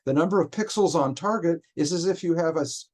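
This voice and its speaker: Man explaining in halting restarts. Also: fairly high pitch, darkish tone. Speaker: software developer guest. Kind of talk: technical explanation in conversation.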